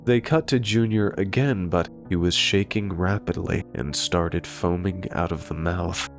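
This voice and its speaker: A man narrating a horror story in a slow, deliberate scripted delivery. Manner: slow, deep and gravelly delivery. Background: faint guitar music.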